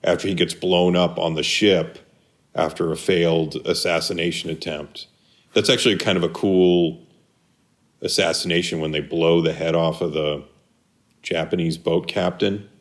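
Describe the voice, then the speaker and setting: A man's voice: low-pitched, steady tone, moderate pace. A man co-hosting a casual film podcast, rambling and restarting as he searches for names. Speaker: podcast co-host.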